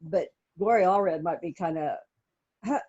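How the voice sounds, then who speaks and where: A woman's voice: on the low side, measured pace, muffled recording, background noise. A middle-aged woman, a true crime author, telling stories in a casual interview and laughing often.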